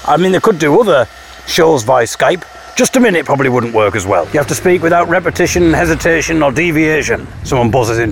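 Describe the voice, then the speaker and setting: A man's voice: a little high, animated, brisk, gravelly, a little hiss or hum. A man telling stories in a casual vlog, acting out people's voices as he retells them. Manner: mimics voices when retelling. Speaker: vlogger. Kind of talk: casual storytelling monologue. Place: home, eating with partner.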